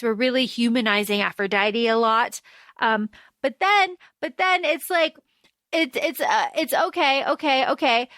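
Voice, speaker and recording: A woman's voice: on the high side, bright, forceful tone, dry recording, studio quality. A woman co-hosting a podcast, frankly and profanely recapping a book's plot in casual chat. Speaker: podcast co-host. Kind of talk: casual book-discussion chat.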